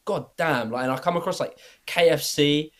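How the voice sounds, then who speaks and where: A young British man chatting casually as a podcast guest, rambling, filling every pause with "like" and swearing easily. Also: fairly high pitch, a bit bright. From Britain. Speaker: guest YouTuber.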